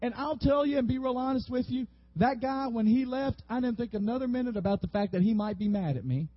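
A pastor with an unusually high, husky voice preaches a sermon, animating the story as he goes. The sound is close and dry, with a slightly dull, lo-fi quality. He speaks as a man leading a congregation through a passage. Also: fairly quick, no echo. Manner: animated, acts out biblical figures with rising voice.

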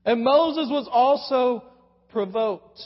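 A man delivering a sermon in a very high voice, posing questions to the congregation and answering them with slow, weighty pauses. His voice carries a long reverb in a large church hall, and the sound is somewhat muffled. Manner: drawn-out emphatic pauses. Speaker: preacher.

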